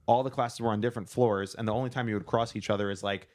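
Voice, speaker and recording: A man's voice: fairly low pitch, fast talker. A young man casually telling a long story, acting out quotes along the way. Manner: animated storyteller, acts out quotes.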